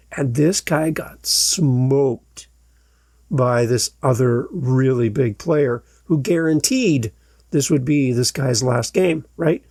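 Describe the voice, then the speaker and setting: Podcast host, male, gravelly and husky, higher-pitched, animated storyteller, dry close mic. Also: no echo. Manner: animated storyteller, acts out quoted shouts. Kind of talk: storytelling monologue.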